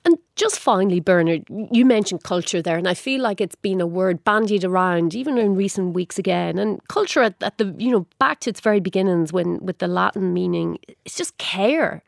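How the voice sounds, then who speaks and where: A woman hosts an interview, her voice carrying a gravelly, fried edge. She asks her questions in a measured, polished way and closes the segment smoothly. The sound is dry and close. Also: mid-range voice, no echo. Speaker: radio interviewer. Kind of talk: broadcast interview.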